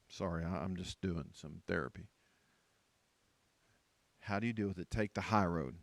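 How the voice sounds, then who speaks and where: A deep-voiced pastor in his fifties, with vocal fry and frequent pauses at a moderate pace, gives a humorous sermon to his church's leadership team. He acts out voices and repeats phrases for effect, and no room sound is audible.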